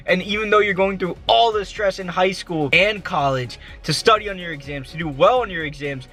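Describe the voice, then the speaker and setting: Young man, casual swearing, winded, walking vlog, phone mic, higher-pitched. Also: pushed and bright. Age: young adult. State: out of breath. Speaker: college student vlogger. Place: outdoors in the cold.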